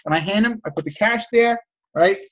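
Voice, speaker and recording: A man's voice: high-pitched, brisk, a bit bright, lo-fi sound, slight background noise. A man hosting a live stream, coaching viewers on negotiation and reading out chat messages in an enthusiastic salesman-like way. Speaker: host of a live stream teaching resale negotiation.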